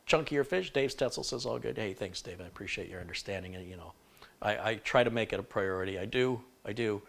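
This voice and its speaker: Male livestream host, low-ish voice, frank and chatty. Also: fairly quick, vocal fry, fairly bright tone. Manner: frank, shifting between stern and chatty. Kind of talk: live-stream chat.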